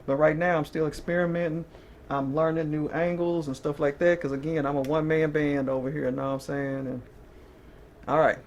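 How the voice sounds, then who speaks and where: A tarot reader talks to camera in a low, steady voice that's fairly quick and darkish in tone. Her reading is casual and chatty, full of "okay?" check-ins with her listeners and brief bursts of laughter, over slight background noise.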